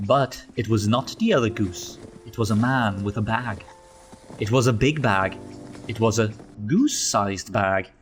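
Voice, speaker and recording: A man narrating a children's storybook aloud, expressive, slow and gentle. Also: fairly low pitch, soft background music.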